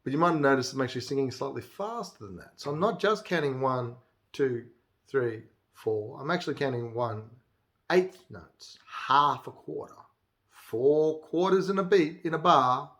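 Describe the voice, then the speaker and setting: A man's voice: mid-range voice, moderate pace, fairly bright tone. A man casually teaching music theory, counting beats aloud and now and then singing a line. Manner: chatty, counts beats aloud and breaks into song. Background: acoustic guitar playing.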